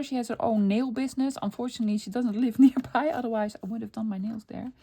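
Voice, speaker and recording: A middle-aged woman keeps up relaxed running chatter in a casual crafting tutorial, talking to herself as she works. She asks and answers her own questions and breaks into easy laughs, speaking briskly at a fairly high pitch.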